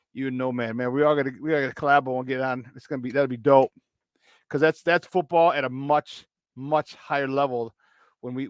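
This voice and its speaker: High-voiced animated sports talk host. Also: male voice, dry recording, studio quality. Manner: animated, swings loud and soft, laughs often. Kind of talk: casual sports talk, reading live chat.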